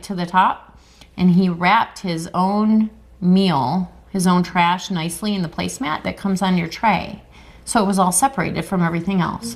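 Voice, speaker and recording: A woman's voice: lowish voice, gravelly. A woman detective recounting a case in an interview, in a conversational, step-by-step way.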